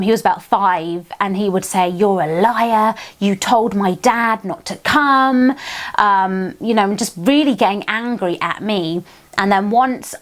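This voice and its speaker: A young British woman talking earnestly to camera in a casual advice vlog, chatty with frequent ums and little laughs. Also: mid-range voice. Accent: British English. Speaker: vlogger giving parenting advice.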